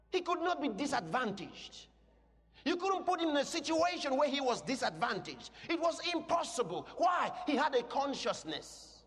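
A man with a very high, lively voice preaches with fervor, dropping to calm explanation and then rising to shouted proclamations. His words ring out with a long reverb, as if filling a large hall. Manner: emphatic, swings from quiet teaching to shouted declarations. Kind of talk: sermon.

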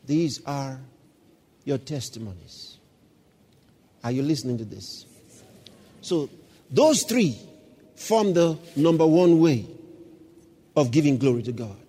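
A man preaching a sermon as pastor, reading scripture slowly and then breaking into shouts of praise. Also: mid-range voice, animated, slightly rough, in a large hall. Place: church.

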